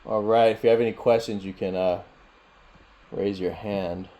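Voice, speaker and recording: A man with a very deep, low voice leads a meditation session and answers questions over a video call. He talks in a relaxed, rambling way and laughs often. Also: moderate pace. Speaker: meditation teacher. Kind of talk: casual teaching and Q&A.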